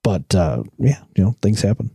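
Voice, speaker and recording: A man's voice: fairly low pitch, big pitch swings, normal speed, gravelly, mellow, slightly rough, dry recording, studio quality. A man co-hosting a beer podcast, telling stories in an easygoing way and swearing casually. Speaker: podcast co-host.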